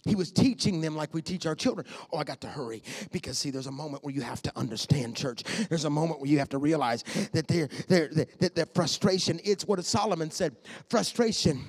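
A man, repeating phrases and building to shouts. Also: on the high side, fairly quick, husky. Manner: impassioned, repetitive, rising to shouts. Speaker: preacher. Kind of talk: sermon.

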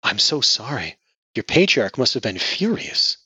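A sheltered, timid young woman who asks earnest questions, as a male narrator puts her on. The voice sounds breathy and tense in a dry, dull recording. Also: medium pitch, sing-song, measured pace, sharp tone, dry recording, pitched above the performer's own voice, exaggerated voice. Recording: dull lo-fi audio.

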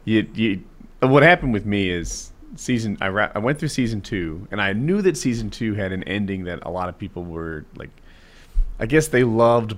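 A man with a lowish voice chats casually on a podcast. He rambles in a relaxed way, restarting his sentences as he goes. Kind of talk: casual chat.

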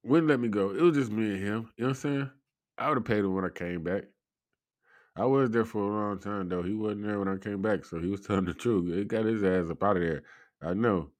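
A man's voice: lowish voice, fairly quick, a little mellow, dry recording. A man hosting a podcast, telling a rambling story in casual talk and laughing often through it. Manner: loose, rambling delivery full of fillers and profanity. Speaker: podcast host.

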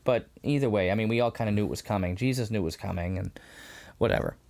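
A man co-hosting a podcast in a casual chat, animated and quick to laugh as he acts out scenes. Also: on the low side, gravelly. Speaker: podcast co-host. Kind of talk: casual episode discussion.

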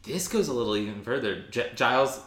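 A man co-hosting a podcast, chatting casually and excitedly as he recaps a TV episode, with many restarts and ums. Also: medium pitch, brisk, roomy sound. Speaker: podcast co-host.

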